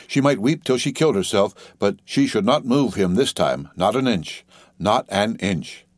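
A man narrating a novel as a steady, dramatic audiobook reading, lightly voicing the dialogue. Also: fairly low pitch, moderate pace, no room sound, clean studio sound.

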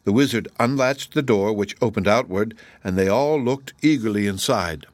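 A man narrating a children's book chapter in a steady, measured reading. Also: lowish voice, no room sound. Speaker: audiobook narrator. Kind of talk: scripted narration.

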